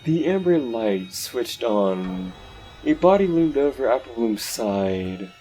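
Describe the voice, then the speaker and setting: Slow dark-voiced man narrating horror. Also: mid-range voice, very animated, soft background music. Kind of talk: dark horror story reading.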